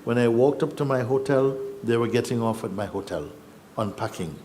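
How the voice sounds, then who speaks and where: A man, a spiritual teacher telling his own story in a reflective, unhurried way with pauses and restarts. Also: medium pitch, a little mellow, slight background noise. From Jamaica. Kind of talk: personal storytelling.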